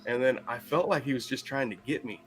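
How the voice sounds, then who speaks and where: Bright-voiced man telling a story. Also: medium pitch, brisk, soft background music. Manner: animated, profane storyteller who laughs often. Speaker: podcast co-host. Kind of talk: casual storytelling.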